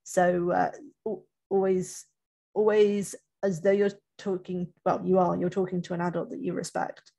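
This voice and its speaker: Woman, low-pitched, husky, gravelly, casual webinar chat, frequent self-corrections. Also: level tone, moderate pace, warm tone. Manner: chatty, self-correcting, many restarts. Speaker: interview coach.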